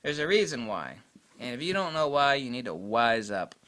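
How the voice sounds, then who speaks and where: A man rants bluntly into the camera, cursing freely and punching his points hard. His pitch swings widely between grumbles and outbursts, and his tone is bright and sharp. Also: very animated, moderate pace. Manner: blunt, profane, emphatic ranting. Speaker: photography channel host. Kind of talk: ranting vlog monologue.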